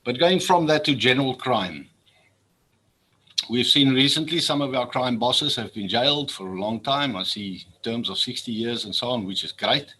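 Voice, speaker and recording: A man's voice: medium pitch, expressive, moderate pace, pushed and bright, husky, poor audio. Earnest man giving a speech. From South Africa. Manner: earnest, repeats words when stirred. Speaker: public official addressing an assembly. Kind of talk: formal speech.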